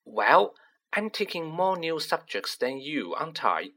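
A man's voice: a little high, sing-song, a little slow, sharp tone, pitched above the performer's own voice, exaggerated voice. A man voicing an earnest, studious teenage girl witch who speaks precisely and a little lecturing. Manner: precise, serious, slightly lecturing.

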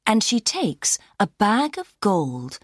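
A woman narrating a simple storybook slowly and clearly for learners. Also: mid-range voice, wildly swooping pitch, dry recording, studio quality.

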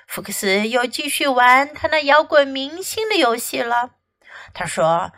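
An English teacher reads a bilingual picture book aloud in a high, lively voice. She takes her time, delivering a slow and expressive narration.

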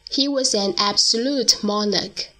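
A woman narrating a storybook in a slow, deliberate reading. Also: mid-range voice, fairly bright tone, soft background music, low-quality recording.

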